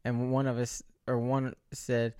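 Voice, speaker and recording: A man's voice: mid-range voice, completely flat delivery, unhurried, dark tone, dry recording. Late 20s guy rambling at the camera, jokey and self-mocking, dead dry sound. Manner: joking, self-mocking, rambling with frequent restarts. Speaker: vlogger. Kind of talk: casual rambling monologue. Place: indoors under bright lights.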